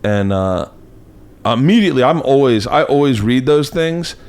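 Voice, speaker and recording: A man from Florida hosting a podcast, telling stories in casual chat and breaking into loud put-on voices. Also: medium pitch, expressive, moderate pace. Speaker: podcast host. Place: home studio.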